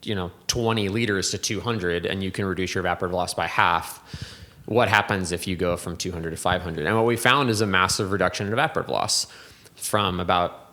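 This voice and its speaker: A man with a somewhat low voice talks through his craft in a relaxed podcast interview. He thinks aloud as he goes, restarting sentences and leaning on fillers. Now and then he drifts into a reflective, poetic way of putting things. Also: fairly quick. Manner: thoughtful, rambling, many restarts and fillers. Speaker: whiskey distiller and blender.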